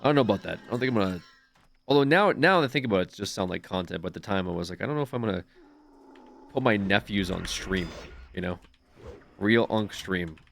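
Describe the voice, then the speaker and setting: A male streamer chatting casually while gaming, animated and laughing, sometimes trailing off into quiet asides. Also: deep voice, fast, creaky, a little hiss or hum.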